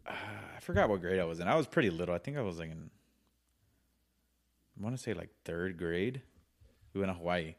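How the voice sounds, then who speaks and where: A man's voice: low-pitched, expressive, brisk, long pauses. A man co-hosting a podcast, telling a childhood story in casual chat, acting out voices and laughing often. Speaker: podcast co-host.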